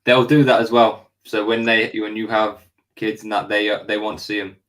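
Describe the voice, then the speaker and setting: Man from the UK, low voice, relaxed, matter-of-fact. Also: normal speed, poor audio. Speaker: guest. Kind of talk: casual chat.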